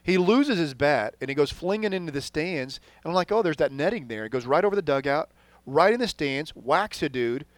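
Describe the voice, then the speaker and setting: A man's voice: on the high side, lively intonation, moderate pace, no room sound. Rambling man talking sports, dry close mic. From Texas. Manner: rambling, trails off quietly at sentence ends. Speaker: podcast co-host. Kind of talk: casual sports chat.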